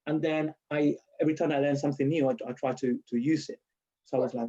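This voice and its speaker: A man's voice: mid-range voice, fast. A man with a Spanish accent telling stories in a casual interview, acting out quotes and often restarting his sentences. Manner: animated storyteller, acts out quotes, laughs often, restarts and self-corrects. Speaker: university lecturer and nurse interviewee. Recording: dull lo-fi recording.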